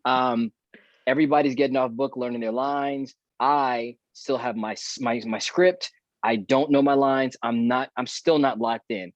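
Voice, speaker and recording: A man who is a guest actor tells a story from his school days in a loose, chatty way. He slips into the voices of the people in it as he goes. His voice sits at a middle pitch, and the audio is dull and lo-fi, dry and close, with no room sound. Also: a little slow, no echo. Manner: lively storyteller who acts out remembered dialogue. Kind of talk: casual podcast storytelling.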